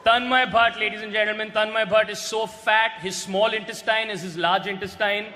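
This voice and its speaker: High-voiced man roasting on stage. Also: steady tone, moderate pace. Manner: crude, mocking, punchy roast jokes with frequent shouting. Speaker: roast comedian. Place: large hall with a live audience. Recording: echoey hall recording with crowd noise.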